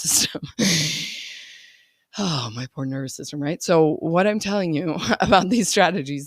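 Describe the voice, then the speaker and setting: A woman's voice: low-pitched, no room sound, clean studio sound. A woman life coach talking casually in a chatty, laughing way, often checking in with "right?". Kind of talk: casual coaching podcast talk.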